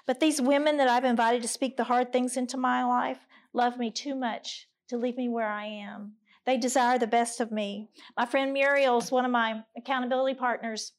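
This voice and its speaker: A middle-aged woman giving a candid, earnest talk to a women's gathering, mixing personal stories with scripture readings. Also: high voice. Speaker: women's ministry speaker. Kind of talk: conversational sermon with scripture reading.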